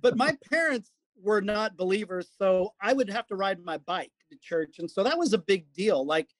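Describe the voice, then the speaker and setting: A middle-aged man, a guest, telling a lively personal story and acting out what people said. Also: high voice, normal speed, no echo. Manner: animated storyteller acting out quotes. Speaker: guest, comedy performer. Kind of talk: storytelling in casual conversation.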